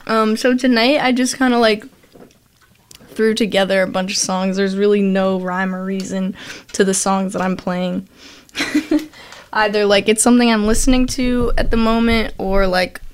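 A woman's voice: medium pitch, fairly even intonation, unhurried, pauses often, clean tone. A young woman hosting a college radio show, chatting casually in a rambling, giggly, self-deprecating way into a studio microphone. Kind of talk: casual chat.

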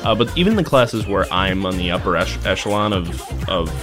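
A young man co-hosting a casual podcast, his voice sitting a little low but swinging widely as he acts out little scenes. He talks loosely with restarts and laughs through his anecdotes. Faint music plays under the talk. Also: fairly quick. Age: young adult. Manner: animated storytelling with voiced asides and laughter. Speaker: podcast co-host. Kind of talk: casual chat.

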